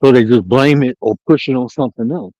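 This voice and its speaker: A man talking bluntly and profanely from home on a live-stream panel, telling animated stories with laughter. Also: mid-range voice, quick pace, no room sound, poor audio.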